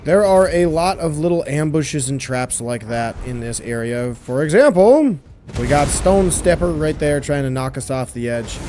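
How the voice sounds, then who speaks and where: A hoarse man who has lost his voice, chatting casually through a game walkthrough and teasing the enemies on screen. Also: a little high, lively intonation, normal speed, background noise. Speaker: gameplay walkthrough host.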